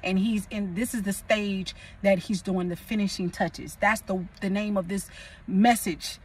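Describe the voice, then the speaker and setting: A woman's voice: mid-range voice, steady tone, unhurried, far from the mic, slight background noise. A young woman from California, a prophetess, preaching casually and rambling, repeating phrases for emphasis.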